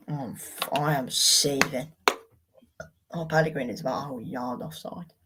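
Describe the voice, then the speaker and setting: A woman's voice: very deep voice, fairly even intonation, normal speed, a bit bright, breathy edge. A young woman hosting a live football watchalong, chatting to viewers in a frustrated, sweary way. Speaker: watchalong host.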